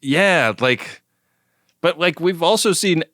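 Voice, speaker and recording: A man's voice: fairly high pitch, expressive, slow, a bit bright, no echo, studio quality. A man co-hosting a podcast, casually recapping an episode with a laid-back manner, easy laughs and lots of "like" fillers. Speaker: podcast co-host.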